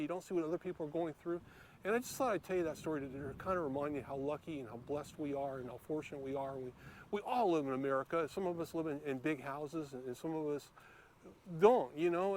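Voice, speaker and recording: A man with a slightly raised pitch talks casually to his camera as he walks outdoors by a lake. He rambles, restarts often and fills pauses with ums and uhs. It sounds like an unscripted handheld vlog. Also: slight background noise. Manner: rambling, hesitant, many fillers and restarts. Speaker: YouTube vlogger. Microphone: handheld camera while filming.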